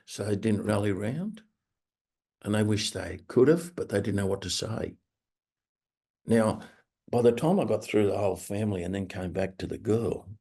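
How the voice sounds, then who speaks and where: A man with an Australian accent presenting a webinar, telling anecdotes and acting out quoted people in a higher voice. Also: vocal fry, mellow, husky. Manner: anecdotal, acts out quoted voices in a raised pitch. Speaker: webinar presenter on restorative practice. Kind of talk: storytelling presentation.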